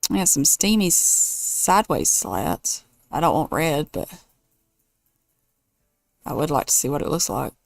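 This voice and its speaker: A woman's voice: sits low, sing-song, unhurried, gravelly, pauses often, no room sound. A woman hosting a casual let's play, thinking aloud and weighing choices as she builds. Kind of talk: casual gameplay commentary.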